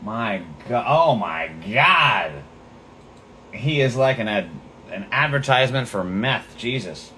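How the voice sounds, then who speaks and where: A man's voice: mid-range voice, normal speed, a bit bright, slight background noise. A man hosting a political podcast livestream, talking in a profane, sarcastic, mocking way. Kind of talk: livestream commentary.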